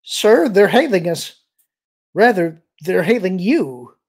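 Audiobook bit: narrator voices a jumpy boy officer, high and tentative, a bit raspy. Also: sing-song, slow pace, exaggerated voice. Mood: nervous. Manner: tentative, unnaturally high-pitched. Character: young nervous male comm officer.

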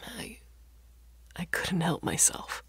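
A woman's voice: low-pitched, very animated, slow, dry recording, exaggerated voice. Woman doing a bitter, bedridden old father. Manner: snapping, then breaking with sobs.

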